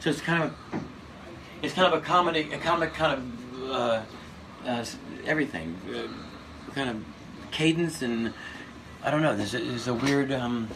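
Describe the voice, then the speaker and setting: Animated, profane male comedian over a noisy background. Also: medium pitch, normal speed, pauses often. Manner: animated, profane storytelling with many restarts. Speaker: comedian guest. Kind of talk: casual interview chat. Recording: noisy recording.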